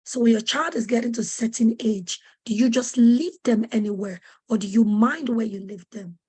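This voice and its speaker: A woman's voice: a little high, normal speed, dark tone, breathy edge. A woman presenting a parenting webinar, speaking with urgent, preacherly emphasis and repeating questions to press her point. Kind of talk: earnest teaching talk to parents.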